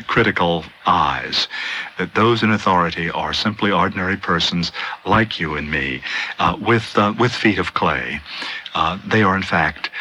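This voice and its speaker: A man's voice: sits low, pushed and bright, muffled recording, slight background noise. A man giving unscripted literary commentary, thoughtful and hesitant, with frequent fillers.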